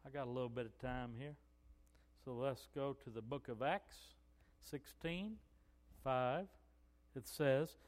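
A man's voice: a little high, big-room sound. A male pastor preaching a sermon in a conversational storytelling way, with frequent "you know" asides.

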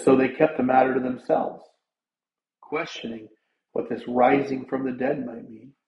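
A man's voice: medium pitch, vocal fry, a little mellow, roomy sound, low-quality recording. A male pastor preaching a sermon in an earnest, conversational way, his voice rising for emphasis.

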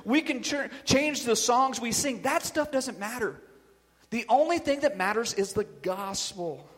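A male pastor preaching a sermon, emphatic, with loud bursts on key phrases. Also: very high-pitched, a little slow. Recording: long reverb of a large hall.

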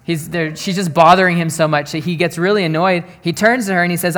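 A man preaching in a relaxed, conversational sermon style, plainspoken, often restarting words and asking his listeners direct questions. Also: fairly high pitch, a little fast. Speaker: pastor. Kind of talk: conversational Bible teaching.

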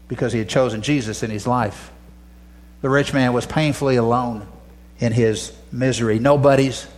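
A man preaching a sermon, impassioned, his voice climbing higher as he pleads. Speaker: pastor.

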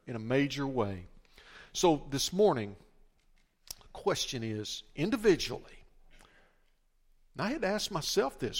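A man's voice: medium pitch, lively intonation, a little slow. An older man preaching a sermon as the pastor, emphatic and often repeating and restarting his words.

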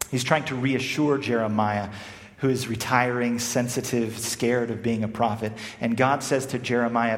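A man from South Africa preaching a sermon, animated, swinging between loud emphasis and hushed, quiet phrases. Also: medium pitch. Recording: echoey hall with long reverb.

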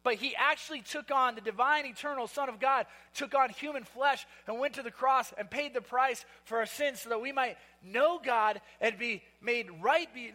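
A man's voice: very high voice, pushed and bright, long reverb tail. A man preaching a sermon, telling a story in a loose, conversational way with restarts and fillers. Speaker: pastor.

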